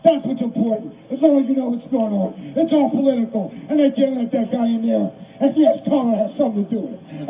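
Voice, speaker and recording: A man's voice: very high-pitched, dark tone. An older man giving an emotional, repetitive rally speech outdoors, heard from a distance. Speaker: rally speaker. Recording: distant mic, faint background noise.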